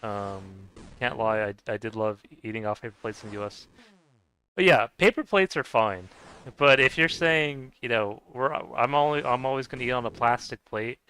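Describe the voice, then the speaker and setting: A man's voice: medium pitch, moderate pace, bright, forceful tone, clean tone. A man chatting casually while he plays a game, rambling and meandering with lots of fillers and restarts. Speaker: gamer chatting while playing.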